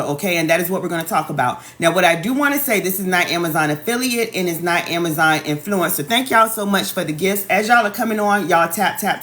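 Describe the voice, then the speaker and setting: A woman's voice: on the low side, fairly bright tone. A woman in her thirties coaching viewers on a live stream, chatty and repetitive, calling out to the chat and saying "y'all" and "okay" a lot, talking into a phone. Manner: chatty, repeats calls to the audience, says "y'all" and "okay" often. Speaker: online business coach hosting a live stream. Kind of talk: casual live-stream sales talk.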